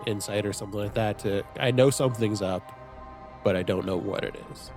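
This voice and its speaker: A man's voice: fairly low pitch, brisk, music in the background. A man playing a tabletop role-playing game, reacting eagerly and a little nervously to his dice rolls. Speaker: player.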